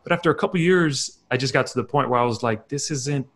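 A young man speaks openly about his own path. He tells it as a reflective story and voices his past inner thoughts. His voice sits at an average male pitch. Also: quick pace, fairly bright tone. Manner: candid, reflective storytelling with acted-out inner quotes. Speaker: confidence coach. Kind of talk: personal story talk.

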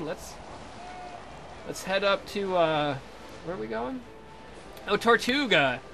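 A young man chatting through a let's play in a bright, forceful voice pitched slightly high. He jokes crudely and keeps a playful running commentary. Faint music plays behind him. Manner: joking, crude and playful asides. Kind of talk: casual gameplay commentary.

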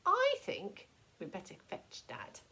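Practical teenage babysitter in a storybook, brisk and matter-of-fact, as a woman reader plays her. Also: medium pitch, wildly swooping pitch, pushed and bright, full character voice. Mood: worried.

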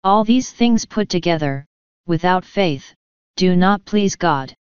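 A woman reading an old sermon aloud in a measured, declamatory manner. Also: lowish voice, animated, a little mellow, clear, resonant tone, dry recording. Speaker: sermon reader. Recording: dry, slightly dull lo-fi recording.

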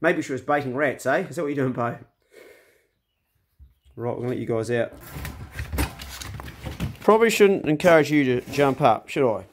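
A middle-aged hunter and vlogger chats casually into his phone camera outdoors on a rural property, easygoing and blunt with mild swearing. He often talks to his dogs in a raised, coaxing voice. His voice is mid-range, with a little hiss or hum on the recording.

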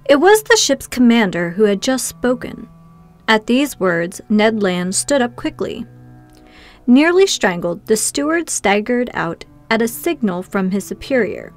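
A woman narrating a classic novel as an audiobook, reading steadily and with measure. Her voice sits somewhat high, with soft music faintly behind it. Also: sing-song, unhurried. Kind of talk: first-person scripted narration.

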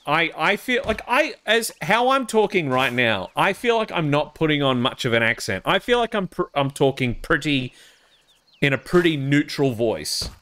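Australian male streamer, rambling and wry, with an unhurried and smooth delivery. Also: mid-range voice, fairly bright tone. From Queensland, Australia. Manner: rambling, wry, self-amused. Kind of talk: casual chat with stream viewers.

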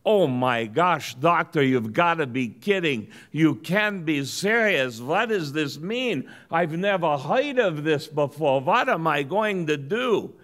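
A man voicing an anxious older Jewish wife with a Yiddish accent, in a shrill, pleading tone while telling a joke. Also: expressive, slow, hardly any pauses, fairly bright tone. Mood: alarmed.

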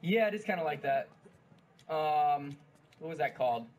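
A man's voice: on the high side, expressive, moderate pace. A man watching a friend play a video game, teasing him with dry quips in casual banter. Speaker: co-commentator.

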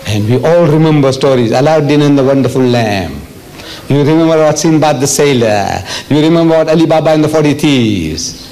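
A man's voice: on the high side, animated, brisk, mellow, poor audio. An older man from South Africa giving a public religious lecture, emphatic and repetitive, with frequent rhetorical questions. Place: lecture hall.

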